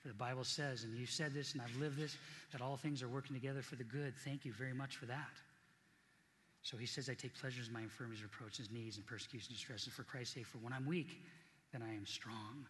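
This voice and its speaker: A man's voice: medium pitch, fairly even intonation, brisk, fairly bright tone, big-room sound, a little hiss or hum. A middle-aged man preaching a sermon as pastor, earnest and conversational, repeating key points for emphasis.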